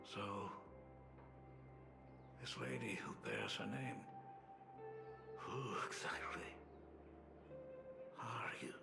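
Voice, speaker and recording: A man's voice: lowish voice, animated, drawn-out words, creaky, long pauses, exaggerated voice. An actor playing a teasing older male painter who is an estranged father, with a playful, chuckling manner. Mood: grave. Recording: echoey game audio with loud music.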